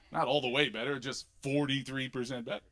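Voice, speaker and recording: A middle-aged man from Philadelphia with a Philly accent, doing an animated, punchy stand-up comedy set on a club stage. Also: medium pitch, normal speed. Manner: animated, punchy delivery with sudden loud bursts.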